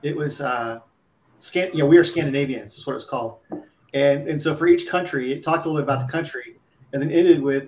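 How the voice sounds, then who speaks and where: A man's voice: mid-range voice, brisk, reverberant, background noise. A man co-hosting a casual live panel chat, talking in a rambling way and often restarting his sentences. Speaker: co-host, conference organizer.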